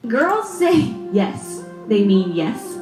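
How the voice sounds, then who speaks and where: A man putting on the mocking, sing-song voices of two women, bantering in a high falsetto. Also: very animated, very slow, reverberant, music in the background, exaggerated voice.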